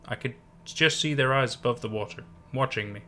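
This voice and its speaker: A man voicing a shaken young boyfriend in a horror story who speaks quietly, in a grim, tender tone. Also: medium pitch, fairly quick, close to an everyday voice.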